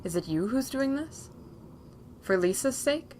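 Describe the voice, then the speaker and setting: A woman voicing an ancient, weary tree spirit in a video game, speaking slowly and solemnly. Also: high voice, lively intonation, a little hiss or hum, voice pushed up. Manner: slow, hushed, solemn.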